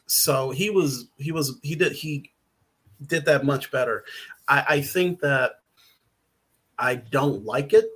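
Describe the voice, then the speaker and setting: A man's voice: medium pitch, takes it slowly, pauses often, a bit bright, husky. Man rambling with lots of fillers. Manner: rambling, hesitant with many fillers and restarts. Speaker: writer and podcast guest. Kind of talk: casual podcast chat.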